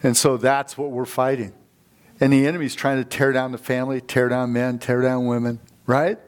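A man's voice: mid-range voice, little pitch movement, normal speed. Man, middle-aged, guest preacher, fired-up sermon, storytelling, calls for amens, church sanctuary.

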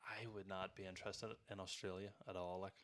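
A man's voice: sits low, little pitch movement, fairly quick, a bit bright. A young man, co-hosting a podcast in casual chat, joking, swearing and laughing a lot. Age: young adult. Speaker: podcast co-host.

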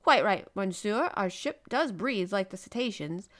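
A woman voicing a calm, courteous middle-aged male sea captain in a storybook reading, speaking in a composed, polite way. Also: medium pitch, unhurried.

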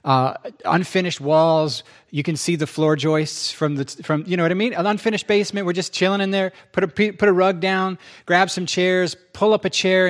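A middle-aged man preaching, telling his testimony in an animated, self-interrupting way and acting out quotes. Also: a little high. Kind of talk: testimony storytelling.

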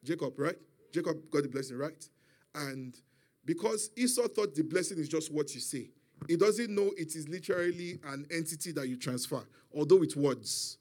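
Brief: male preacher, high voice, emphatic call-and-response sermon. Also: normal speed, darkish tone.

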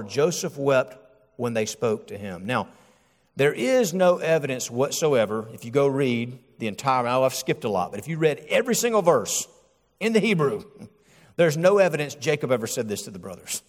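A male pastor preaching a sermon, animated and acting out the voices he quotes. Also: medium pitch, normal speed, in a large hall.

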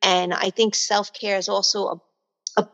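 Chatty New York woman, quick laughs. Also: medium pitch, flat delivery, fairly bright tone. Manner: chatty, laughs often, many restarts. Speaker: guest entrepreneur. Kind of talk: casual interview chat.

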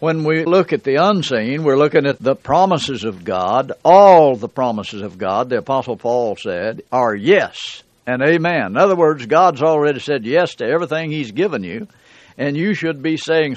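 A man's voice: mid-range voice, lively intonation, normal speed, highs cut off. An older man teaching scripture on a radio broadcast, folksy and plain-spoken, with emphatic quoting of verses. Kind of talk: broadcast sermon.

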